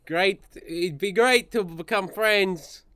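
A man's voice: high-pitched, slow, a bit bright, clear, resonant tone, no echo, clean studio sound. A man voicing an eager, naive young character who stammers while trying to befriend a crystal.

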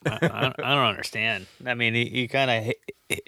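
A man's voice: mid-range voice, fairly even intonation, fairly quick, sharp tone, no room sound, studio quality. A man co-hosting a podcast, chatting casually about a horror movie, rambling with stammers and restarts. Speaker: podcast co-host.

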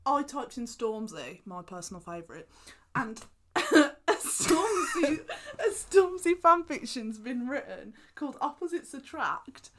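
A woman's voice: sits high, very animated, a little slow. Young woman gossiping on a podcast, laughs a lot, does little voices for quotes. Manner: chatty, giggly, acts out quotes in voices. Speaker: podcast co-host. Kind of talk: casual chat.

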